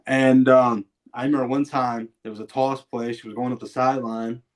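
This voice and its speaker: A man's voice: medium pitch, moderate pace, a little hiss or hum. Laid-back man telling stories over a game. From New York State. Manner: relaxed storyteller, often repeating words as he starts a sentence. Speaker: co-host. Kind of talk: casual sports watch-along chat.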